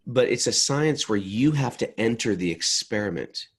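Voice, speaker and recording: A man's voice: medium pitch, animated, moderate pace, husky. A man co-hosting a casual podcast, joking and bantering playfully. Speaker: podcast co-host.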